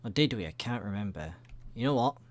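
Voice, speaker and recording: A man's voice: on the low side, expressive, fairly quick. A man giving rambling, jokey let's-play commentary, swearing often. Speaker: gaming video creator.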